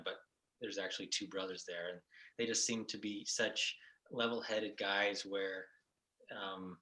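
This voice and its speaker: A man, a band member guest, talking in a relaxed, rambling way, thinking aloud. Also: on the low side, poor audio. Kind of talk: casual interview talk.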